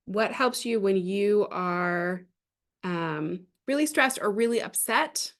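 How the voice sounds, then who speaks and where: Woman trainer on a video call, chatty and informal, many fillers, mid-range pitch. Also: expressive, takes it slowly. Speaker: parenting trainer. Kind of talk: online training talk with storytelling.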